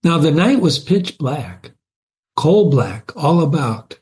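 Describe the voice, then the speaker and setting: A man reading a classic comic poem aloud, pausing to explain words and images to his listeners. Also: a little high, sing-song, darkish tone. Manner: slow, explaining asides to listeners. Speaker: reader of classic poetry.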